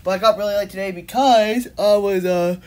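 A woman's voice: mid-range voice, a little fast. A young woman vlogging casually with a stuffed-up nose that makes her voice nasal, rambling and saying "like" a lot. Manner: rambling, heavy use of "like". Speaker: daily vlogger. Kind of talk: casual vlog chat.

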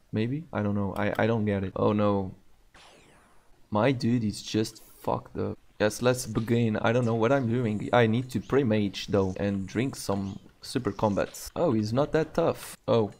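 Excitable young man commenting on gameplay. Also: mid-range voice. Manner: excitable, swears often, talks to himself. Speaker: gaming video creator.

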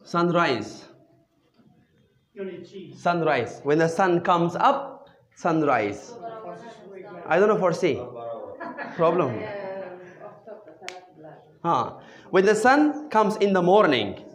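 An English teacher leads a classroom drill at an unhurried pace. The pitch swings widely between questions and answers. The teacher drills with patient call-and-response and praises the class again and again. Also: big pitch swings.

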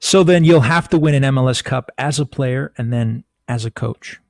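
Enthusiastic male host, gravelly voice, casual buddy-style questions. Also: medium pitch, normal speed, a little mellow. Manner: enthusiastic, friendly, says "man" and "dude". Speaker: podcast host. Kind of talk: casual interview chat.

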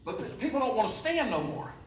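A pastor, preaching a folksy, joking sermon in a church. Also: male voice, sits high, very animated, fast talker. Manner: folksy, joking preaching with sudden loud rises. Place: church sanctuary. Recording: echoey church, voice from a distance.

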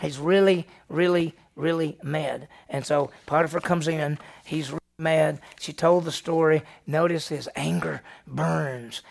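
A middle-aged man, a pastor, teaching a Bible study lesson in an animated way, firing questions at the class and answering them himself. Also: a little high, unhurried, gravelly, few pauses.

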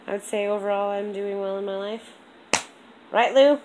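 A young woman chatting on a home vlog, rambling and animated, with a congested throat. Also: medium pitch, normal speed, background noise. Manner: rambling, animated storytelling with lots of "like". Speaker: vlogger. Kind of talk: casual vlog chat.

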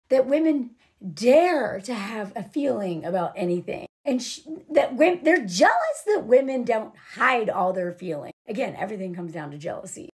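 A young woman giving a casual, sarcastic film recap, animated, and peppering her talk with "like" and "literally.". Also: a little high. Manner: animated, sarcastic, acts out characters' lines; frequent "like" and "literally" fillers. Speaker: vlogger.

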